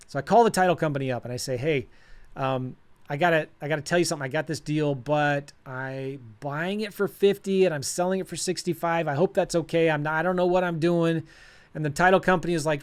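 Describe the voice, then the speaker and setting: A man, a real estate educator, telling a story to camera in an animated, self-mocking way, with many restarts. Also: on the high side, fast talker, clear, resonant tone.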